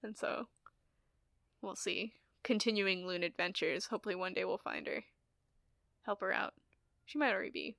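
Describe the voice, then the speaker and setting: A woman's voice: mid-range voice, normal speed, vocal fry, long pauses, a bit bright, no room sound, clean studio sound. A young woman chatting casually, laughing often and filling her talk with likes and ums. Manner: giggly, chatty, many fillers. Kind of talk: casual chat.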